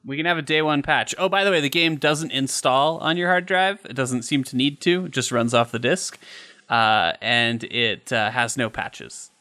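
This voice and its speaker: A man with a bright, forward voice chats casually with co-hosts about old games. He jokes, laughs readily and drops the odd swear word. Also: mid-range voice, normal speed. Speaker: podcast co-host. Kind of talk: casual chat.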